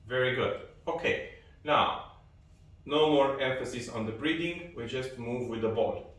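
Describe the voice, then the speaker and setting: Slow, calm man in an echoey room. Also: mid-range voice, distant mic, slight background noise. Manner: slow, calm cueing of breaths and movements. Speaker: qi exercise instructor. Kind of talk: guided online exercise class. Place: room at home with a balcony door.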